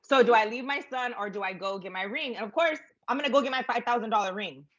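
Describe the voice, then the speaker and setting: A woman's voice: fairly high pitch, fast. Chatty middle-aged woman, lo-fi phone audio. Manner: chatty and rambling, self-mocking, lots of fillers. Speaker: vlogger telling a story. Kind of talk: casual storytelling on a live stream.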